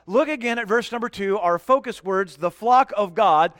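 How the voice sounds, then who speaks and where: A middle-aged man preaching a sermon as guest pastor, emphatic, slowing down to stress key words and questioning the congregation. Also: sits high, a bit bright, no echo, clean studio sound, in a large hall. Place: church sanctuary.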